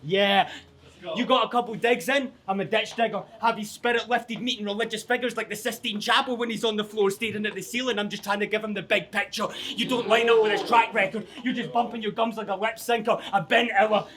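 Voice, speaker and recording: A man with a Scottish accent performing a rap battle, delivering aggressive, taunting punchlines with shouted bursts. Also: high-pitched, steady tone, fairly quick. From Scotland. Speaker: battle rapper. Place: live event venue. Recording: live crowd around the stage.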